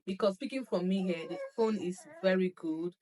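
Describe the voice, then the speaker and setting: Chatty, excitable young woman. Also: on the low side, moderate pace. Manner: excitable, chatty, laughs often, repeats herself. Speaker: lifestyle vlogger. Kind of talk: casual phone review vlog. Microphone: phone camera.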